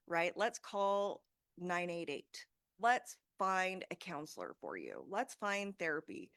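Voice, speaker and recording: Lady in her 30s giving a laid-back talk to a group, lowish voice, lots of um and like, dry close sound. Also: big pitch swings, measured pace, fairly bright tone, no room sound. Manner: casual and conversational, frequent fillers. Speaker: safety talk presenter. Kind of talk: informal presentation to a group.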